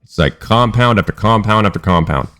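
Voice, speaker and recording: Fired-up, foul-mouthed man with a lowish voice. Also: fairly quick, bright, forceful tone. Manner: emphatic, profane, repeats himself. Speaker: trading educator. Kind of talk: casual vlog monologue.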